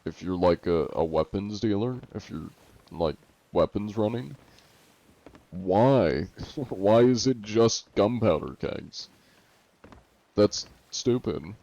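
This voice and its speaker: A male game streamer with a very low, gravelly voice, chatting in a relaxed, joking way. His tone is mellow and dark. The sound is close and dry but dull, like lo-fi stream audio. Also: takes it slowly, pauses often. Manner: laid-back, joking, reacts to chat. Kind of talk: casual live stream chat.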